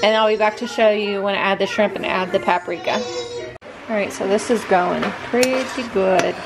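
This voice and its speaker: A woman's voice: medium pitch, steady tone, moderate pace, over music. A woman and mother casually talking through her cooking step by step in a home kitchen vlog. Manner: chatty, talks through each cooking step. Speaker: vlogger and mother.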